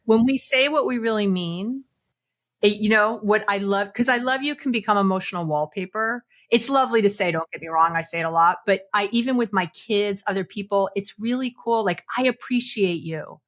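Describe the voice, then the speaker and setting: Woman psychologist, podcast guest; animated advice-giver who voices quoted lines. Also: mid-range voice, a little fast. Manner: animated, acts out quoted lines, laughs often. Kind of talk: podcast conversation, giving advice.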